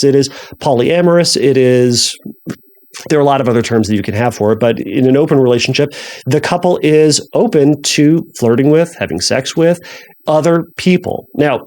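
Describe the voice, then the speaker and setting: A podcast host with a medium-pitched, somewhat dark voice talks on his own in a loose, conversational way. He restarts often and leans on self-deprecating humor.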